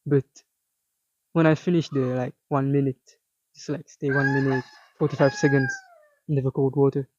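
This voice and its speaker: Young man, fitness vlogger, motivational rant, profane, rambling fillers, mellow tone, dry dull recording. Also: mid-range voice, flat delivery, normal speed, pauses often, no echo. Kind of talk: motivational monologue.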